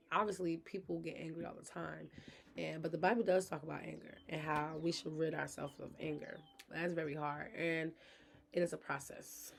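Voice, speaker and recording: A woman's voice: low-pitched, vocal fry, slight background noise. A woman talking frankly to her viewers in a personal vlog, chatty and open about being a mother. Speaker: vlogger, mother of her kids. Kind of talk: candid personal vlog talk.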